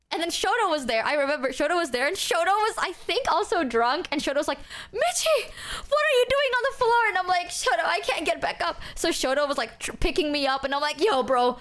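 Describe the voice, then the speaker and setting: A woman's voice: sits high, fairly bright tone. A woman from Southeast Asia telling a story to her stream chat in a casual, chatty way, full of "like" and acted-out quotes. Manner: chatty, fillers of "like", acts out quotes.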